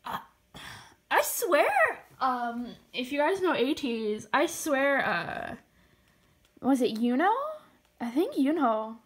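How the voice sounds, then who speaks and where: A young woman gushing through an unboxing vlog, often dropping to a whisper. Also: a little high. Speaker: vlogger.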